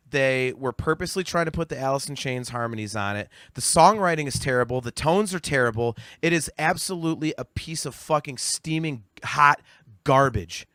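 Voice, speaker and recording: A man's voice: on the high side, fairly bright tone, clean tone, no room sound, clean studio sound. A man in his forties, a podcast guest in casual discussion, ranting heatedly and profanely with many stammered restarts. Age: 40s.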